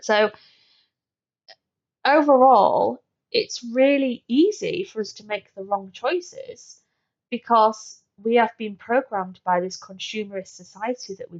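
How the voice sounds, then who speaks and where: A woman's voice: mid-range voice, dull audio. A woman hosting a solo wellness podcast, chatty and full of fillers and restarts. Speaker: podcast host.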